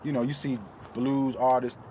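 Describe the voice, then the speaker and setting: A man's voice: medium pitch, flat delivery, moderate pace, dark tone, slight background noise. A male rap artist answering interview questions in a loose, conversational way, leaning on "you know.".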